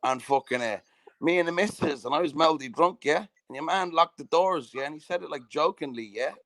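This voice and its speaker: A man's voice: fairly high pitch, brisk, a bit bright, no echo. Southern Irish male host, chatty storyteller who swears freely, in a dry, close-miked sound. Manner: sweary storytelling, constantly asking "do you know what I mean". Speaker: podcast host. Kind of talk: casual chat.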